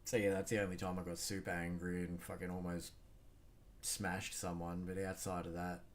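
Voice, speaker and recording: Aussie guy, really low voice, swears a ton, rambles about stuff, bit of faint hiss behind. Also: level tone, moderate pace. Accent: Australian. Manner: blunt, heavy swearing, rambling with fillers. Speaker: podcast host. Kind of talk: casual solo podcast monologue.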